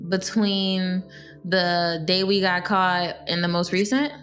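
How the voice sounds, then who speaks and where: A woman's voice: on the low side, fairly even intonation, takes it slowly, a bit bright, faint music behind. A woman playing a tabletop game, casual and profane, puzzling things out aloud. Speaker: player.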